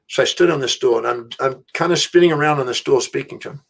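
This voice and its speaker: A middle-aged man, an interview guest, telling a story in an animated, emphatic way, with restarts. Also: mid-range voice, quick pace, vocal fry. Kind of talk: storytelling anecdote.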